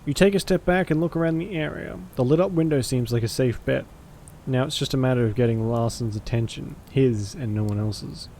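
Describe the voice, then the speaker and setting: A man narrating a visual novel aloud in a measured, theatrical way. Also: mid-range voice, dark tone, a little hiss or hum. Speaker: streamer and voice actor.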